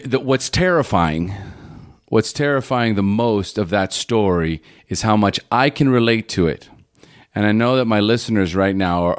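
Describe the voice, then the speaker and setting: A man hosting a podcast interview, talking in a reflective, halting way with frequent restarts. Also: lowish voice. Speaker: podcast host. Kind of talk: conversational interview.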